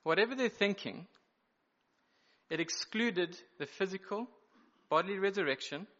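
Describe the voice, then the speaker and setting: A male preacher with a bright, forceful voice pitched a little above the usual, delivering a sermon in an emphatic, explanatory way. He unpacks each point with measured pauses. The recording is somewhat dull and lo-fi. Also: animated. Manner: explanatory, emphatic teaching with pauses and self-corrections.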